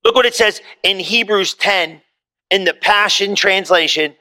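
A man delivering a sermon to a congregation, talking plainly and directly and then lifting into emphatic scripture reading. His voice sits high for a man and has a bright, sharp edge. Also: a little slow. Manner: conversational preaching, rising to emphatic reading of scripture. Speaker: pastor. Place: church hall with congregation.

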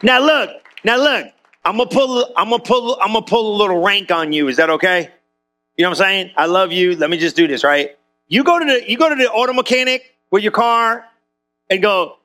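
A man preaching, his voice high and bright. He keeps tossing questions back to the congregation as he goes, in a loose, talky sermon style. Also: animated, brisk, soft background music. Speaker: pastor.

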